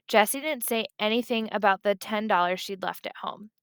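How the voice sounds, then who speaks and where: A woman narrating a children's book in a steady, expressive storytelling manner, close to the mic. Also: mid-range voice, moderate pace, few pauses, no echo. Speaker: audiobook reader.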